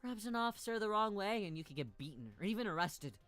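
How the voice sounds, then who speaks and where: A woman's voice: big pitch swings, fast talker, a bit bright, faint music behind. A woman streamer playing a visual novel, reading its lines aloud and joking around in a playful, giggly way. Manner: playful and giggly, jumps into sudden high squeals. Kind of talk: casual let's-play commentary, reading dialogue aloud.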